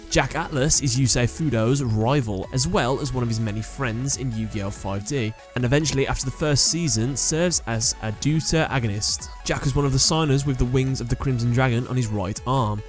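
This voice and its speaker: A man's voice: mid-range voice, fairly quick, few pauses, soft background music. A man hosting a video, reading out character trivia in a plain, matter-of-fact way. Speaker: host. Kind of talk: scripted narration of character trivia.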